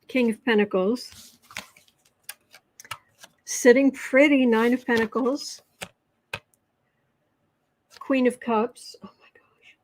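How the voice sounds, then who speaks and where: A woman with an American accent chats slowly through a tarot livestream. Her voice sits a little high, and she sometimes falls into a soft whisper while she reads comments aloud. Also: steady tone, a little hiss or hum. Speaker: tarot reader and livestream host. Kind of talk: casual livestream chat with tarot reading.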